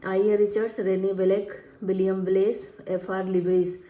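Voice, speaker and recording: A woman's voice: medium pitch, level tone, mellow. Woman reading exam answers, echoey room. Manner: reads options aloud, then repeats the answer slowly. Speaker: teacher. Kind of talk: exam-prep lecture reading questions and answers.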